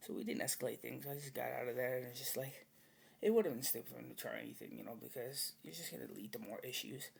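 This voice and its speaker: A man's voice: medium pitch, fast talker, vocal fry, slightly rough. A man talking in a rambling, casual monologue, blunt and profane with a swaggering edge.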